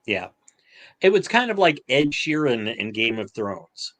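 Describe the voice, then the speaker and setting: A man co-hosting a podcast, joking and chatting casually, halting with fillers. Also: mid-range voice, sing-song, a bit bright. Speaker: podcast co-host. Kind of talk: casual chat.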